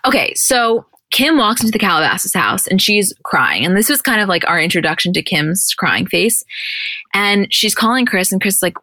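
A woman's voice: on the low side, brisk, no room sound, clean studio sound. A woman co-hosting a podcast, recapping a reality show in casual chat and acting out the quotes. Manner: animated, acts out quotes from the show. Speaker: podcast co-host.

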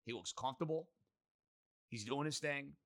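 A man's voice: medium pitch, moderate pace. A man hosting a sports talk show, chatting casually and emphatically about games and guests. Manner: emphatic, energetic.

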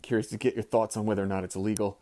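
A man's voice: lowish voice, little pitch movement, very fast, dark tone. A man in his thirties, a former teacher, telling a story casually and animatedly, swearing and acting out the people he quotes.

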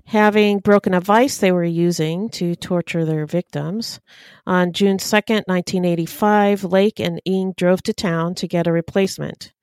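Woman, true-crime co-host, low smooth voice, matter-of-fact, dry sound. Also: moderate pace, dry recording. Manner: steady, matter-of-fact reader. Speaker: podcast co-host. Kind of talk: reading case notes in casual chat.

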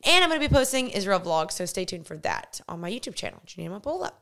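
A woman's voice: mid-range voice, very animated, fast talker, a bit bright. A young woman hosting a casual podcast chat, playful and teasing, tired and run down. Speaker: podcast host.

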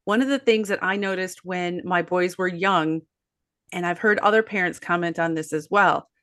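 A woman's voice: on the low side, moderate pace, a bit bright. A woman who is the mother of boys, speaking earnestly on a parenting podcast. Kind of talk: casual podcast conversation.

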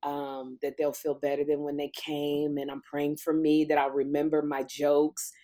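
A middle-aged woman with a low voice hosts a talk show, speaking at normal speed. She chats casually and animatedly, acting out the voices of people in her stories, and she still sounds a little out of breath.

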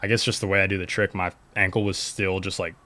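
A man's voice: sits low, little pitch movement, fast talker, pushed and bright. A young man from Pennsylvania telling a story in a casual, slangy way, full of fillers. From Reading, Pennsylvania. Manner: laid-back, slangy, lots of fillers. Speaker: guest, pro skateboarder.

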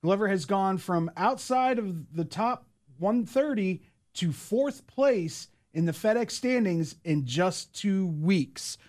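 A man co-hosts a sports talk show, reading game recaps and then teasing his co-hosts. His voice is on the high side for a man. He speaks from a studio. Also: expressive, slow pace, hardly any pauses, a little mellow. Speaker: producer and co-host. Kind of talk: casual sports segment hosting.

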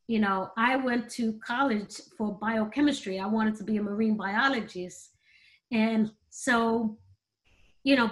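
Middle-aged woman, candid interview guest, emotional and quick to laugh. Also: on the high side. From United States.

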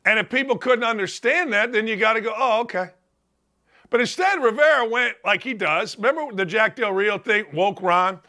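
A man hosting a sports talk show, ranting loudly and emphatically about football. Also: sits high, fairly quick, hardly any pauses. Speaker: sports talk radio host. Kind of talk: opinionated sports talk monologue.

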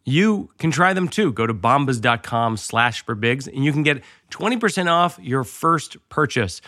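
A man's voice: medium pitch, animated, normal speed, bright, forceful tone, no room sound, studio quality. A man hosting a comedy podcast, talking loosely and jokingly, also reading ads in a casual way. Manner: loose, joking, riffs on his own radio voice. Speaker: podcast host.

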